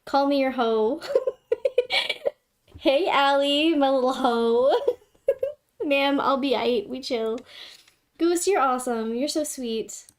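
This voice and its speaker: A woman's voice: sits high, slow, pauses often. A young woman hosting a livestream, chatting with her viewers in a giggly, dramatic, playfully scolding way. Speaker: livestream host. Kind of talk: casual livestream chat with viewers.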